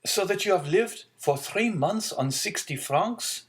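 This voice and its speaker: A man's voice: high voice, lively intonation, measured pace, voice pushed up. A man doing an eager young sailor. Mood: anxious. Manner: earnest, pleading. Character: eager young male sailor, twenty, devoted son.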